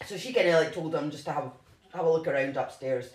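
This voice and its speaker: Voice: mid-range voice, fast talker. A co-host casually retelling a true-crime story, rambling with lots of "like" and restarts. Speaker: podcast co-host. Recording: roomy echo.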